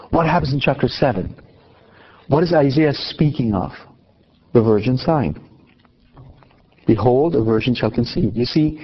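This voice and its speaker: A man's voice: medium pitch, lo-fi sound. A man teaching on Scripture and the liturgy to a class, putting questions to his listeners and answering them himself, with frequent restarts. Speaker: Catholic teacher. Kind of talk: Bible teaching talk.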